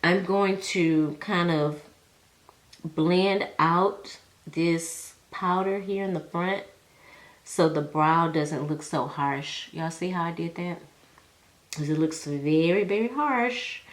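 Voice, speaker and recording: A woman's voice: sits low, takes it slowly, echoey room. A young woman chatting casually to her viewers while she does her makeup, heartfelt and full of slang. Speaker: beauty vlogger.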